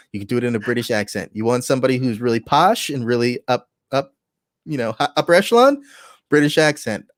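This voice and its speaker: A man's voice: medium pitch, no room sound, studio quality. A man co-hosting a casual podcast, rambling and joking with profane asides. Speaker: podcast co-host.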